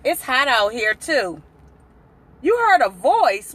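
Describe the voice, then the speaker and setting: High-voiced woman hosting a chatty livestream. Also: very animated, measured pace, a bit bright. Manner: chatty, greets viewers by name, laughs often. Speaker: livestream host. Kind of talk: casual livestream chat. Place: outdoors in a parked car in a shopping center.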